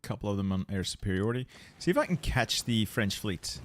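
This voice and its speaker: A young adult man streaming a strategy game, thinking aloud in a relaxed way and repeating words as he plans his moves. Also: lowish voice, fairly quick.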